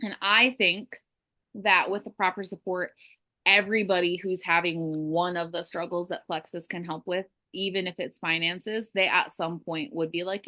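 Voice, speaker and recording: A woman leading a book club discussion in casual chat, animated and acting out quoted voices. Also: fairly low pitch, normal speed. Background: children crying in background.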